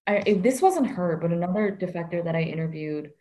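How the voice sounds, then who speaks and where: A woman's voice: on the low side, animated, brisk, dark tone. A woman talking casually as an interview guest, reflective, with many fillers.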